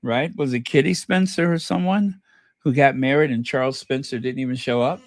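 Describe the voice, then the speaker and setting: A man's voice: mid-range voice, moderate pace, no room sound, clean studio sound. A man hosting a casual livestream, rambling with many fillers and reading viewer comments aloud. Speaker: channel host.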